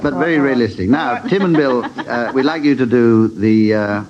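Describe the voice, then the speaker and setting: A man chairing a comedy panel game, wry and halting, with dry quips. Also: medium pitch, a little mellow. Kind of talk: dry hosting banter on radio. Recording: dull old radio recording with hiss.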